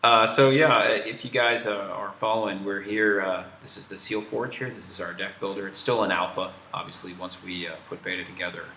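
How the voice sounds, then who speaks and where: Stream host, American man, low voice, playful and explanatory. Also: fairly quick, hardly any pauses, sharp tone, echoey room, slight background noise. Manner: joking, teasing, explains features. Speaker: game developer hosting a stream. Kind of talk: casual livestream chat.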